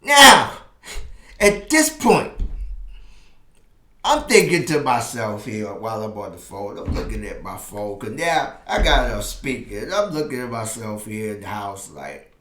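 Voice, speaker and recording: A man in his fifties tells a personal dating story as a relationship advice host. His voice is bright and sharp, and his manner moves between animated storytelling and slower, heartfelt reflection. The recording has a roomy echo. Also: lowish voice. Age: 50s. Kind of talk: personal storytelling monologue to camera.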